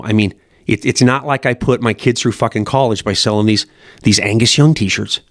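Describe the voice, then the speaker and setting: A man's voice: medium pitch, no room sound, clean studio sound. A middle-aged man who runs a fly shop, talking in a blunt, profane, rambling way. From Montana, USA. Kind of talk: casual rambling monologue.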